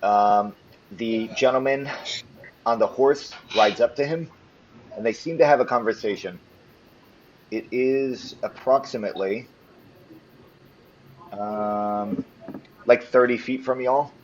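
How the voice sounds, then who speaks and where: A man's voice: medium pitch, slow, pauses often, muffled recording, a little hiss or hum. A man narrating as game master in a tabletop game, hesitant and full of ums and restarts.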